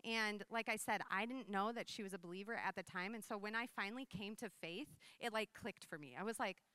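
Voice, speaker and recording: Woman in her 30s preaching, chatty and animated, bright clear voice, dry close sound. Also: medium pitch, fast, hardly any pauses, no echo. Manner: conversational, animated storytelling with frequent "like" and laughs. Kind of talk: sermon with personal testimony.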